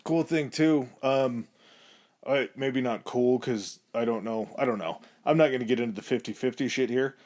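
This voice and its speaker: An easygoing man with a mid-range voice, co-hosting a podcast. He chats casually and works through his ideas out loud, with frequent ums and uhs. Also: medium pitch, normal speed. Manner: easygoing, thinking aloud with "um" and "uh". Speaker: podcast co-host. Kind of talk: casual chat.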